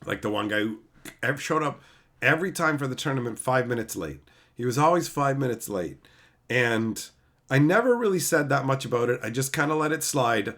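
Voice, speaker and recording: A man's voice: medium pitch, fairly bright tone. A man streaming, chatting casually and reading viewer comments, with a blunt, profane, heated way of ranting. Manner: reads viewer comments aloud. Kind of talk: casual livestream chat.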